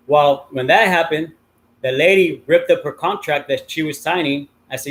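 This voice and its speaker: A man's voice: fairly high pitch, normal speed, fairly bright tone. A middle-aged man telling a long story in a casual, rambling way, swearing freely and filling gaps with many ums and uhs. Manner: profane, rambling with many fillers. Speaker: livestream host.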